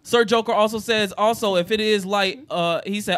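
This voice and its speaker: A man's voice: high-pitched, steady tone, normal speed, few pauses, fairly bright tone. A young man hosting a podcast, reading out viewer comments in casual slangy chat and laughing with friends. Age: young adult. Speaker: podcast host.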